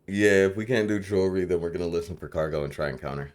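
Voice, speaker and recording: Slangy man in roleplay, lowish voice. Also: fast. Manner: slangy, storytelling with laughs. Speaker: streamer playing a gang member. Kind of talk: in-character roleplay chat.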